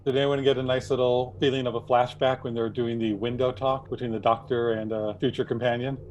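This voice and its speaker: A man's voice: medium pitch, level tone, fairly quick, darkish tone, slight background noise. A man co-hosting a podcast, chatting eagerly and acting out lines from scenes. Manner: enthusiastic, laughs and acts out quotes. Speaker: podcast co-host. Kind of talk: casual chat.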